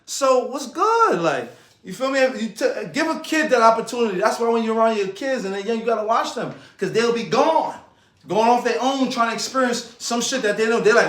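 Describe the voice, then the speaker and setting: Young New guy, high voice, animated motivational chat with plenty of laughs. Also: fairly quick. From New York. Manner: animated, laughs often, slangy. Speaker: fitness coach and streamer. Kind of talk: casual motivational talk. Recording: echoey room.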